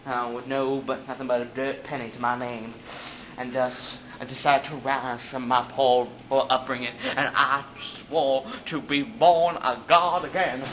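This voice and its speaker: A man's voice: medium pitch, steady tone, unhurried, pitched below the performer's own voice, lightly acted. A teenage boy playing a boastful, self-important Michelangelo in an amateur school video, recorded on dull, hissy camera audio. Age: teens. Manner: pompous, boastful.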